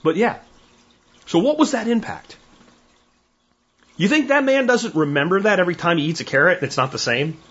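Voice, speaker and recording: A man's voice: sits high, moderate pace, long pauses, husky. A middle-aged man hosting a podcast, telling stories casually and acting out the voices of people he quotes. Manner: animated storyteller, acts out quoted voices. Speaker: podcast host. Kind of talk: casual monologue. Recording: dull lo-fi recording.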